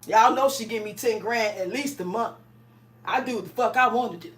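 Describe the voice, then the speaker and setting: Woman livestream host, high-pitched, talkative and laughing, cooking as she chats with viewers. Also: a little fast. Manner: chatty, laughs often, reads out viewer comments. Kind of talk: casual livestream chat while cooking.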